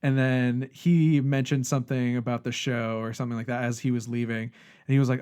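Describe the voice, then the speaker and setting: A man co-hosting a podcast, chatting in a relaxed, rambling way and swearing casually. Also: mid-range voice, moderate pace, clear, resonant tone. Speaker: podcast co-host. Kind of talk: casual chat about a horror film.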